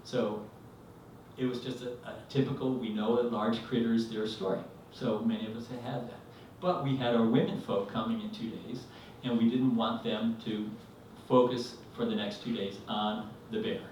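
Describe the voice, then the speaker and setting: A man's voice: on the low side, normal speed, slight background noise. Rambling man telling a story on stage. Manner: rambling, animated, acts out quotes. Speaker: storyteller at a live event. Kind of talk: live storytelling. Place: live event venue, indoors. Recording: echoey hall, mic from a distance.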